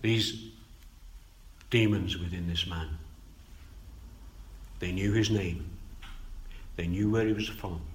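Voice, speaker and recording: Preaching, a man swings from quiet, low-voiced remarks to emphatic, booming bursts, lingering on key phrases to stretch them out.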